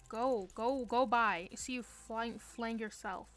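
A woman's voice: on the high side, fairly even intonation, unhurried, hardly any pauses, fairly bright tone. A woman streaming a game from her bedroom, chatting playfully with mock-dramatic pleading and jokes. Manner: playful, melodramatic pleading and joking. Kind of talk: live gameplay stream chat.

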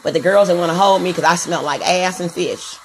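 A woman's voice: on the low side, fast, slight background noise. Crude, rambling woman vlogger. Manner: crude, rambling, joking, singing along to music. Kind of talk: casual live-stream chat.

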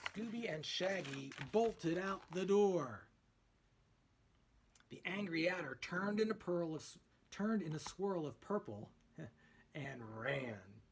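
A man reading a children's picture book aloud in an expressive storytelling manner. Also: high voice, measured pace, slight background noise.

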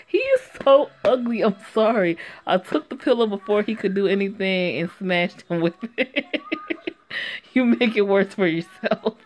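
A woman reading a story game aloud and reacting to it in a sassy, profane way that is quick to laugh. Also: mid-range voice, a little hiss or hum.

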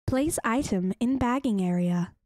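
A woman voicing a supermarket self-checkout machine in a flat, measured announcer tone. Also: a little high, dry recording, studio quality. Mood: prompting.

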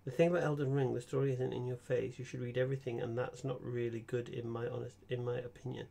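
A man's voice: mid-range voice, quick pace, gravelly. A young man, chatting casually about games while streaming, rambling and stammering through restarts. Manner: rambling, stammering restarts, animated bursts of laughter. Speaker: gaming streamer. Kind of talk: casual gaming chat.

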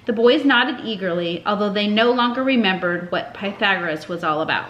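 A woman narrating a children's chapter book aloud with expressive storytelling. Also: medium pitch, fairly quick, muffled recording, a little hiss or hum. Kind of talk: audiobook narration. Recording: echoey room.

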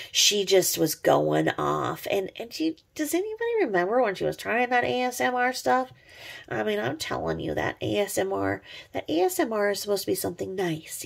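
A middle-aged woman vlogger rips into someone online, dishing out sarcastic, foul-mouthed gossip. Her voice is deep and gravelly, with a rough, husky edge.

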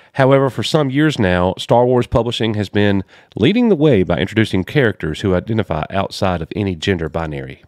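Low-voiced sarcastic man reading news. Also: lively intonation, fast, few pauses, darkish tone, dry recording, studio quality. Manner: sarcastic asides and sighs. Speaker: commentary channel host. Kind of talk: reading a news article aloud with commentary.

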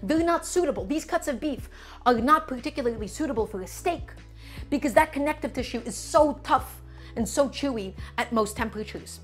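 A woman's voice: sits high, animated, fairly quick, soft background music. Chatty woman hosting a live cooking stream. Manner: chatty, explains step by step, addresses chat as friends. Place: home kitchen.

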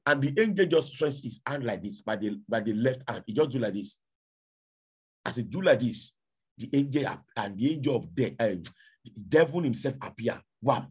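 A male preacher delivering a sermon, repeating rhetorical questions with a raspy voice. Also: medium pitch, expressive, moderate pace.

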